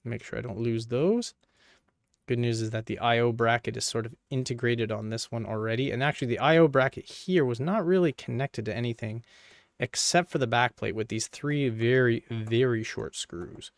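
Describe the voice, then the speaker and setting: Gravelly-voiced man chatting through a build. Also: mid-range voice, moderate pace, dry recording, studio quality. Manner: playful, jokey, talks to himself and viewers. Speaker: PC hardware video creator. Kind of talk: casual running commentary while working.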